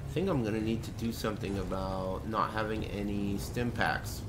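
A man chatting casually while streaming a game, swearing and bursting into shouts and laughs. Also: on the low side, steady tone, normal speed, background noise. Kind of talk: casual gaming stream chat.

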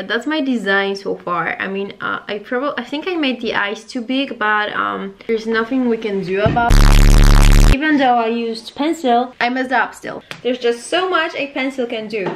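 A woman's voice: on the high side, a bit bright. A woman in her twenties vlogging casually at home, rambling with nervous, self-mocking asides. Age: 20s. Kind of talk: casual chatty vlog. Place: room at home. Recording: echoey room, faint noise.

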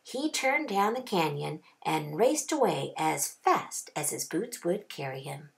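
A woman kindergarten teacher reading a picture book aloud, expressive with drawn-out phrases. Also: on the low side, vocal fry.

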